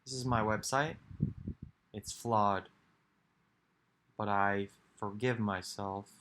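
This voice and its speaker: A man's voice: lowish voice, steady tone, slow, fairly bright tone, a little hiss or hum. A man giving a rambling, reflective monologue for his video, musing aloud with sighs and restarts. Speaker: video creator.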